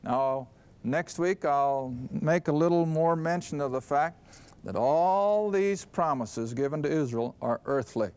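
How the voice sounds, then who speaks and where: A man's voice: on the high side, unhurried, darkish tone, clear, resonant tone. A man teaching a Bible study lesson, reading scripture aloud and putting earnest questions to his class. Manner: stresses words and reads scripture aloud.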